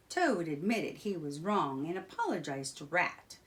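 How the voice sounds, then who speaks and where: Slow, expressive woman reading a children's story. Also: deep voice.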